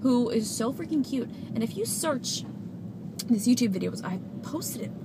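A young woman in her twenties chats straight to her camera from the driver's seat. She rambles and giggles between thoughts. Road and engine noise runs clearly underneath. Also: on the high side, expressive, normal speed. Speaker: vlogger. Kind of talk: casual vlog chat while driving. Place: inside a car.

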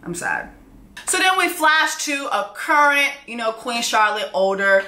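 A woman giving a casual, candid TV episode recap with frank, profane, animated storytelling. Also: on the high side, measured pace, reverberant, slight background noise. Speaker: TV recap vlogger.

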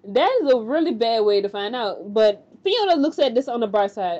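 A woman casually recapping a TV episode, talking in an animated, chatty way with lots of fillers and acted-out quotes. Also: a little high, moderate pace, dull audio. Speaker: TV recap host.

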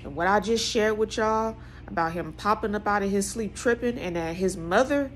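A woman's voice: mid-range voice, moderate pace, slight background noise. Emphatic woman preaching with repeated phrases. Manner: emphatic, repeats phrases, swings between soft and loud. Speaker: vlogger.

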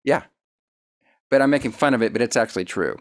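A man's voice: medium pitch, fast talker. Rambling, self-deprecating male host. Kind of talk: casual interview chat.

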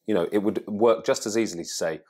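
A man's voice: on the low side, fast, dark tone. A man talking to camera as a presenting coach, conversational and thinking aloud as he explains. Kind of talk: teaching to camera.

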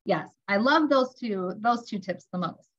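A woman telling family stories in an online interview, animated and acting out the dialogue she quotes. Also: medium pitch, unhurried, muffled recording. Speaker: tapping practitioner guest.

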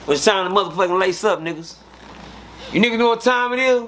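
A man, an interview guest, telling prison stories in a profane, animated way and acting out the dialogue. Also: sits high, quick pace, noisy background. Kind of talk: casual storytelling.

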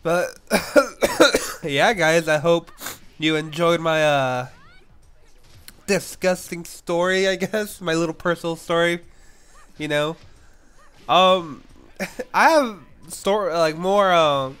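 Here a YouTube gaming commentator, sick with a cold, talks slowly and expressively in a fairly high, smooth, clear voice with a fairly bright tone, pausing often. His nose is stuffed up, a cough surfaces now and then, and giggles keep interrupting his loose, rambling story.

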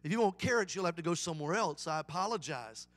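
A man's voice: fairly high pitch, expressive, fast talker, a bit bright, big-room sound. A man voicing a paint store owner who loses patience with a pestering customer. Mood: patient. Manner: exasperated, threatening.

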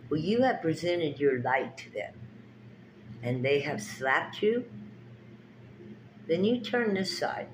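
A woman's voice: deep voice, big pitch swings, slow, pauses often, slight background noise, poor audio. A woman giving a spiritual pep talk with tarot readings, speaking to her viewers in a preachy, emphatic, folksy way with lots of repetition. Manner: folksy, direct address to viewers.

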